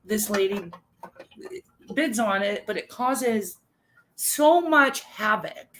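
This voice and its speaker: A woman's voice: mid-range voice, lively intonation, slow pace, background noise. A woman co-hosting a casual chat, telling an exasperated, ranting story. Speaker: co-host.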